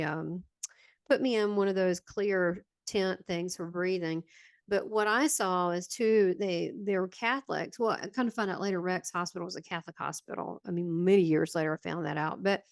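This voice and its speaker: A woman's voice: fairly low pitch, dry recording. A woman with a Southern American accent, a guest medium recounting a personal near-death story in a meandering, hesitant way with many fillers. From Southern United States.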